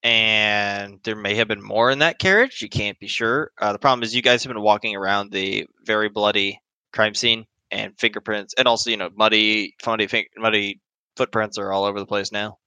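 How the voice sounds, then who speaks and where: A man narrating a tabletop horror game as game master, halting often with fillers as he describes scenes. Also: lowish voice, steady tone, sharp tone, smooth, dry recording. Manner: hesitant, halting with many fillers.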